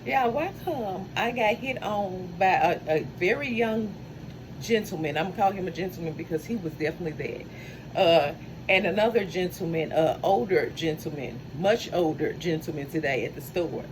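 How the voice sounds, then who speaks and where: A woman's voice: fairly low pitch, moderate pace, noisy background. A woman chatting casually in a vlog, folksy and talkative, calling her viewers honey and baby. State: out of breath. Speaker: vlogger.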